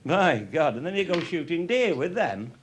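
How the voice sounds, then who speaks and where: A man's voice: fairly high pitch, sing-song, measured pace. Salty older man telling laughing stories. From England. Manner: salty, laughing, showing cartridges. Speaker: raconteur. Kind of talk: humorous storytelling to an audience. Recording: noisy live recording.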